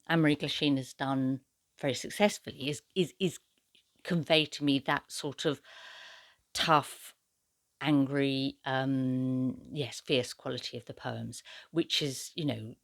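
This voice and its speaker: A woman's voice: very deep voice, no echo. A woman book vlogger talking casually about poetry in translation, chatty and hesitant with many fillers. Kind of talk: casual book review talk.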